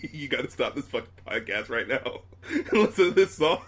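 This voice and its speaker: A man co-hosting a music podcast as a critic, excitable and swearing freely, laughing often. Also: medium pitch, normal speed, breathy edge. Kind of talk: casual chat.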